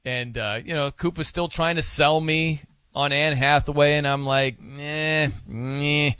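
A man's voice: fairly high pitch, steady tone, moderate pace, sharp tone, clear, resonant tone, dry recording. A man hosting a sports radio show, chatting casually in a rambling, self-amused way. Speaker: fill-in radio host. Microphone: studio microphone.

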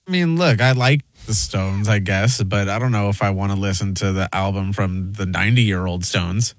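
A male radio co-host who sounds dry and unimpressed. His voice sits low. The studio sound is close and without echo. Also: moderate pace. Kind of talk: casual sports radio banter.

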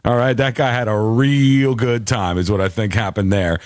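A man hosting a talk show, giving animated, opinionated commentary and laughing easily. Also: lowish voice, normal speed, dry recording, clean studio sound. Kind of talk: casual commentary.

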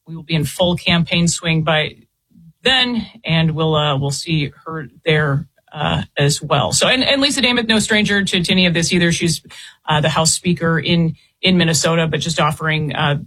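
A woman reporter speaks as an interview guest in a bright voice with a husky edge. She halts often and repeats words as she explains. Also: deep voice, normal speed, poor audio.

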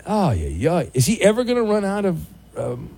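A man hosting a call-in radio show, joking around in casual banter and jumping up in pitch when flustered. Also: normal speed, creaky, slightly rough. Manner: animated, jokey, voice jumps high when flustered. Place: radio studio.

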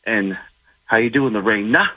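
A man's voice: on the low side, moderate pace, pushed and bright, no room sound, poor audio. A man calling in to a sports radio show, a frustrated, rambling fan. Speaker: caller. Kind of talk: casual call-in chat. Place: on a phone call.

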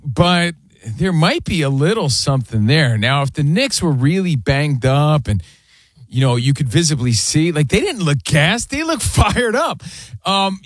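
A sports radio host with a slightly high voice keeps the banter fast and animated. His voice is close and dry, recorded on a studio microphone with no room sound. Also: dry recording. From US East Coast. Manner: animated, rapid, says man and dude a lot.

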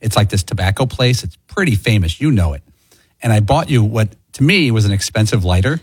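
A man's voice: lowish voice, lively intonation, a little fast, husky, dry recording. A man who is a regular on a radio show, chatting in casual banter as a dry, wry storyteller.

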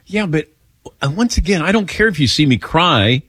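A man's voice: a little high, animated, moderate pace, a bit bright, slightly rough, no echo, clean studio sound. A man hosting a call-in radio show, chatting casually, laughing readily and poking fun at himself. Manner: laughs readily, self-mocking. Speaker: radio talk show host.

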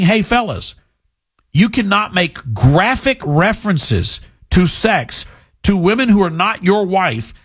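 A man's voice: mid-range voice, breathy edge. A middle-aged man hosting a talk radio show, delivering a blunt, combative, opinionated monologue.

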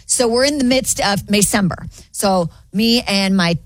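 A woman's voice: mid-range voice, a little slow, no room sound. A woman in her thirties, a radio show co-host, telling a story in casual chat and acting out quoted voices. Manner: animated storyteller, acts out quoted voices, laughs often.

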